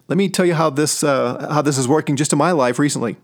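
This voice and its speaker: A middle-aged man from St. Louis giving a Bible teaching on his podcast, stressing key words by slowing down or whispering them. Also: fairly high pitch. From St. Louis, USA. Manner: emphatic, slows down and drops to a whisper on key words. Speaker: podcast host.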